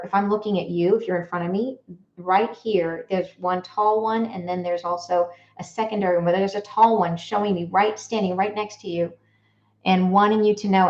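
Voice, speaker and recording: A woman giving spiritual guidance in a live question-and-answer chat, gentle and reassuring, often restarting her sentences. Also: medium pitch. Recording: roomy and dull, lo-fi.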